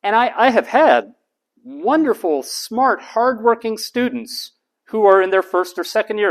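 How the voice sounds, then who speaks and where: A man, a college lecturer giving a deliberate lecture and repeating key terms slowly. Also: gravelly. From United States. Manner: demonstrates voice types, drops to flat low monotone for examples.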